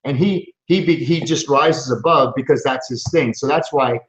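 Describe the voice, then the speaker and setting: A man's voice: mid-range voice, moderate pace, reverberant, rough recording. A man hosting a live chiropractic show, speaking in an earnest, preachy motivational way and often restarting his phrases. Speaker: chiropractor host.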